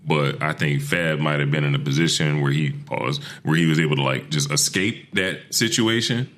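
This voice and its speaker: Young guy on a podcast, real deep voice, laid back and cussing a lot, joking around. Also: normal speed, a bit bright. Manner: laid-back, profane, joking, breaks into laughs and mimicry. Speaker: podcast co-host. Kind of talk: casual podcast chat.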